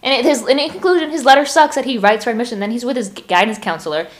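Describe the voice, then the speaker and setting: A woman's voice: on the high side, racing. A young woman co-hosting a podcast, chatting casually and bluntly about a movie. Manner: blunt, opinionated, animated. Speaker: podcast co-host. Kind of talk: casual movie review chat.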